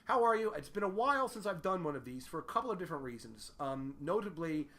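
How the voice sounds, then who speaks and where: A man's voice: fairly high pitch, sing-song, fast, pushed and bright. A man telling a rambling, profane, self-deprecating comic story in a casual way.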